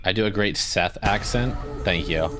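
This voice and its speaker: A man's voice: low-pitched, normal speed, over music. A man joining a game stream, chatting casually with a dry, teasing humor. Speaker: co-player on stream. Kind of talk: casual chat.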